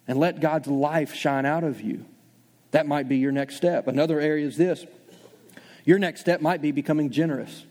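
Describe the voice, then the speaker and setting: A man preaching a sermon as pastor, talking conversationally and acting out his listeners' doubts in quick asides. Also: on the high side, long reverb tail. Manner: fast, animated preaching.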